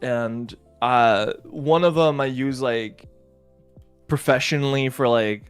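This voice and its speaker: A man's voice: medium pitch, slow pace, smooth, soft background music. A man as a guest in a casual chat, rambling with lots of fillers and repeated words.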